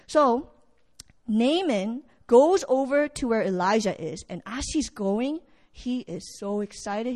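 A woman preaching a sermon, telling a story in a lively way and acting out what the characters say. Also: a little high, takes it slowly, in a large hall. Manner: animated storytelling, acts out characters' lines.

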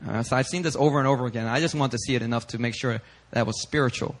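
Fast-talking young pastor telling a story. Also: male voice, medium pitch. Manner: animated, casual, slips in Korean phrases. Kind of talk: storytelling sermon.

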